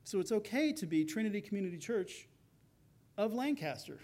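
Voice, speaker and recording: A man's voice: sits high, expressive, brisk, darkish tone. A man preaching a sermon as pastor, in a conversational way, acting out the voices of the people in his story.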